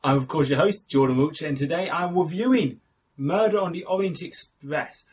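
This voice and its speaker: A man's voice: fairly high pitch, normal speed, breathy edge. A young man hosting a casual film review, chatty and enthusiastic, correcting himself as he goes.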